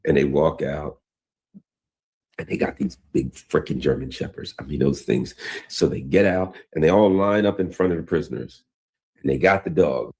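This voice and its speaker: A man hosts his own news commentary in a loose, rambling way and drifts into personal stories. His voice sits low and husky. He restarts his phrases often as he works toward his point. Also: moderate pace, darkish tone. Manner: rambling, storytelling, frequent restarts. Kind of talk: casual commentary.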